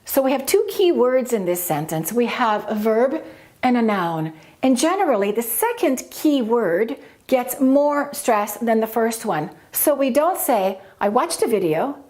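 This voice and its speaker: A woman's voice: fairly high pitch, big pitch swings, darkish tone. Woman teaching English pronunciation. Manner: clear, deliberate modelling of example sentences. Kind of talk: pronunciation lesson with spoken examples.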